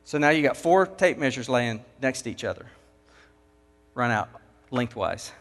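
A man with a medium-pitched, expressive, fairly bright voice preaches at normal speed, telling a folksy story from work in plain, down-to-earth language and acting out the quotes. Long hall reverb fills the recording.

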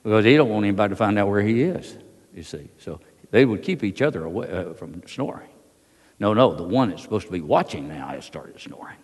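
An older man with a drawl tells a wartime story to a hall audience in a very deep voice. He talks in a folksy, halting way, with plenty of uh's. His voice rings with the long echo of a big room. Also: expressive. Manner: folksy, halting, with many fillers. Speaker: veteran speaker. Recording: long reverb of a large hall.

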